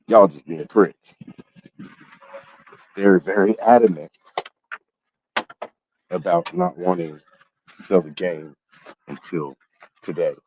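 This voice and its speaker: A man's voice: deep voice, dark tone, no echo, dull audio. A man hosting a collectibles vlog, telling a story in a heated, profane way. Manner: profane, heated storytelling, voice jumps up when angry. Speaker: collectibles channel host. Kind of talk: casual ranting vlog.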